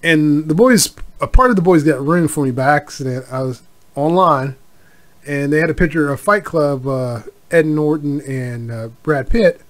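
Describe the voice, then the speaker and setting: A man's voice: fairly high pitch, normal speed. A middle-aged man hosting a casual solo podcast, rambling with many fillers and asides. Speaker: podcast host.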